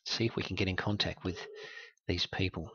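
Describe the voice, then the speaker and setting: Low-pitched guy walking thru scam sites, wry and chatty, dry muffled audio. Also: flat delivery, fairly quick, sharp tone, husky. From Australia. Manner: wry, conversational, explanatory. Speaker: host exposing scam websites. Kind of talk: screen-recorded walkthrough.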